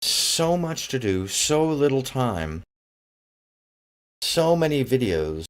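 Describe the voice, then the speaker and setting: A man's voice: mid-range voice, slow. A man hosting a stream, rambling and swearing through casual reaction commentary. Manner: rambling, profane, animated. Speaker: streamer host.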